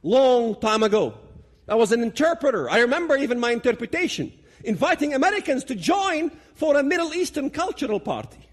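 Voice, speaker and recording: A man gives a dramatic public talk. His voice sits high for a man and swings widely as he pushes each point hard. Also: big pitch swings, fairly quick. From Palestinian territories. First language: Arabic. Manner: dramatic, emphatic, builds to loud peaks. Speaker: public speaker.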